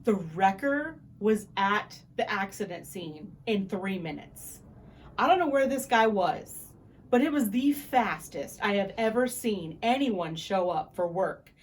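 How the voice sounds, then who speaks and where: Talking to her camera, a young woman recounts a story with casual energy, voicing the people involved. She has a mid-range voice and an unhurried pace.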